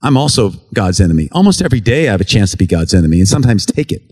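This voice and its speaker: This lowish, slightly rough, a little mellow male voice swings widely in pitch and comes out rapid-fire. He's an American relief worker reporting on his mission to a church, telling stories earnestly and conversationally in testimony style while acting out what people said.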